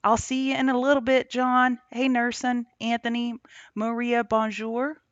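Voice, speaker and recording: Her voice a little high and level, a woman hosts a casual market livestream at an unhurried pace from a remote setup while on the road. She chats and welcomes viewers by name between discussing charts. The sound is dry, dull, and lo-fi.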